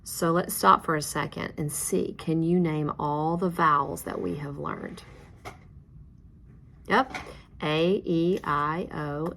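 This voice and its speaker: A woman's voice: fairly low pitch, fairly bright tone. A woman teacher giving a reading lesson, patient and encouraging, praising each answer. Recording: faint background noise.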